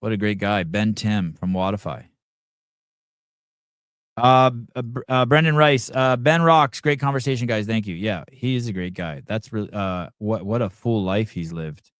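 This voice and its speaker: A man's voice: on the low side, a little slow, clean tone, no room sound, clean studio sound. A man hosting a podcast, chatting casually with a guest, swearing now and then. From California. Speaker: podcast host.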